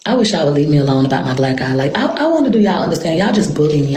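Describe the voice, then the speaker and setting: A woman's voice: low voice, very animated, fairly quick, pauses often, dark tone, a little hiss or hum. A woman rambling on a livestream, venting her frustration with sighs. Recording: echoey room.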